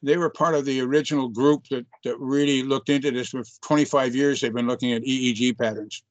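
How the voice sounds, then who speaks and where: A man's voice: medium pitch, fairly even intonation, a little fast, no echo. An older man, a chiropractor, telling a story in an interview in an earnest, reflective way, often restarting his sentences. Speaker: chiropractor guest.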